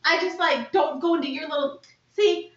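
A woman's voice: sits high, moderate pace, a bit bright, far from the mic. A woman playing a tabletop game in character, bubbly and full of "like". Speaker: player. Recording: echoey room, dull lo-fi sound.

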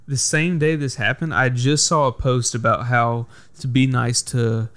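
A man's voice: medium pitch, steady tone, measured pace, a bit bright. A man hosting a casual podcast, telling stories in a heated, profane way. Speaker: podcast host.

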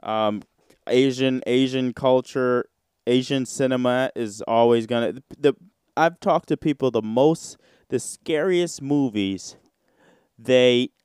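A man's voice: medium pitch, a little mellow, clear, resonant tone, dry recording, clean studio sound. A young man hosting a podcast solo, chatting casually in a rambling, slangy, profane way. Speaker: podcast host.

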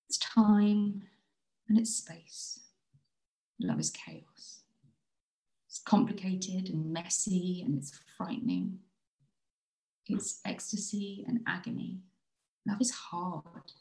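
A woman reading her own spoken-word poem in a slow, soft, intimate way. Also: fairly low pitch, creaky, reverberant, poor audio. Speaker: writer reading her piece.

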